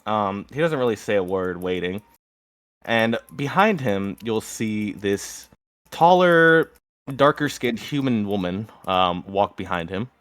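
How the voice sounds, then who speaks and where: A young man running a tabletop game as game master, telling the scene in a lively way. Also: fairly low pitch, a little slow, dry recording. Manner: lively storytelling, slips into character voices.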